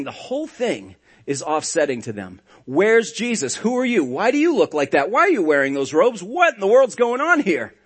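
A man preaching a sermon as a pastor, telling the story dramatically, swinging between hushed and loud lines with sarcastic asides. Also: medium pitch.

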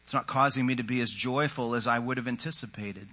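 A man's voice: mid-range voice, fast talker, bright, forceful tone. A man preaching a sermon in an earnest, conversational way, often voicing the inner thoughts of his listeners. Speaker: pastor.

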